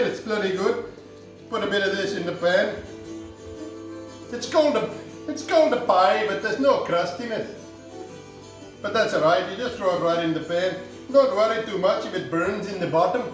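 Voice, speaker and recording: Irish male host, comic cooking demo, high voice, deadpan rambling, boomy echoing home kitchen. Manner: jokey, rambling, deadpan asides.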